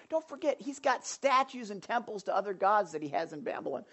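A woman preaching a sermon in an animated, conversational way, full of emphatic asides to the congregation. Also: medium pitch, a little fast, hardly any pauses, breathy edge.

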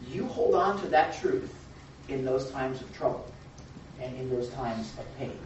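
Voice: mid-range voice, animated, a little slow, a little mellow. A Bible study leader speaking to a group in a very echoey church room, heard from a distance through a dull recording with faint hiss. The teaching is casual and conversational, filled with rhetorical questions. Now and then the speaker acts out little scenes with a raised voice.

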